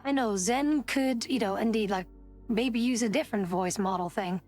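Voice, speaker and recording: A woman's voice: on the high side, normal speed, darkish tone, soft background music. A woman streamer chatting casually, indignant and rambling, swearing often. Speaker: VTuber streamer.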